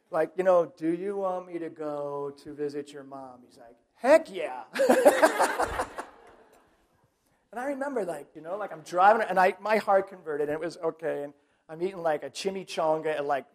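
A middle-aged man, a Catholic priest, preaching in a chatty, animated way with self-mocking humor and personal stories. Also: sits high. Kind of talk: lively sermon with personal stories.

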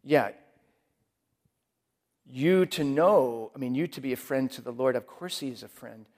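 A man's voice: medium pitch, lively intonation, a little slow, darkish tone. A man preaching a sermon in a conversational way, acting out people's inner voices.

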